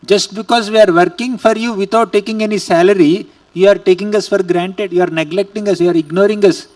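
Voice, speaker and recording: A man's voice: high-pitched, fairly even intonation, brisk, a little mellow, distant mic, pitched above the performer's own voice, close to an everyday voice. A man voicing young women devotees who plead and reproach their beloved Lord.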